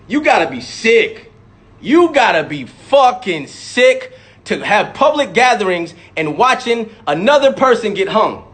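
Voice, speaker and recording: Intense, high-voiced man swearing hard. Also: very animated, unhurried, a bit bright, breathy edge. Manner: profane, emphatic, intense, repeats words for stress. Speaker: rapper. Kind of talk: impassioned monologue to camera.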